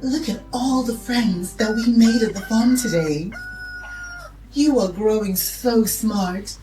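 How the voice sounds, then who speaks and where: A woman narrating a children's lesson in a soft, encouraging way, sometimes dropping to a whisper. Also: on the high side, slow pace, over loud music. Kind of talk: gentle storytelling narration for toddlers. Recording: echoey, distant mic with faint noise.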